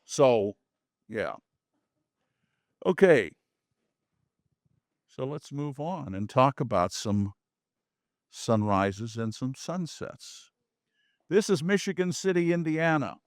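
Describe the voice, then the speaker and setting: A man's voice: mid-range voice, expressive, takes it slowly, pauses often, no room sound, clean studio sound. Folksy man giving a casual photo talk. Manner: chatty, folksy asides and jokes. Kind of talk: casual presentation to a small audience. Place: community meeting room.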